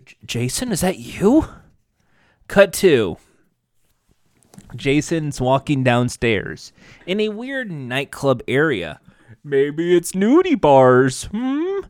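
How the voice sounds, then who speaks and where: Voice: medium pitch, no room sound, clean studio sound. A commentator narrating a show recap with crude, rambling, sarcastic asides.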